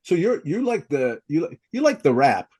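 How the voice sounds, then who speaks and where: Easygoing American podcast host. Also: male voice, fairly high pitch, very animated, normal speed, darkish tone, husky. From United States. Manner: easygoing, laughs along. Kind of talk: casual podcast conversation.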